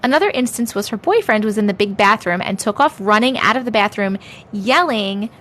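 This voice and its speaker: A woman's voice: medium pitch, lively intonation, a little fast, a bit bright. A woman hosting a livestream, chatting playfully with viewers, thanking them often and drifting between put-on accents as she reads their stories aloud. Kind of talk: casual livestream chat and story reading.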